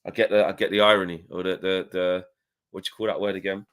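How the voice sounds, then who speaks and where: A man's voice: sits low, level tone, fast, fairly bright tone, clean tone. A man co-hosting a casual football fan podcast, rambling through his points with lots of "you know" asides.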